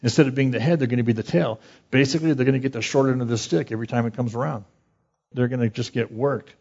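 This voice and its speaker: A man's voice: medium pitch, fast talker, gravelly, a little mellow. A man teaching verse by verse from the Bible as a pastor, speaking in a plain, conversational way and reading scripture aloud. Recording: dull lo-fi recording.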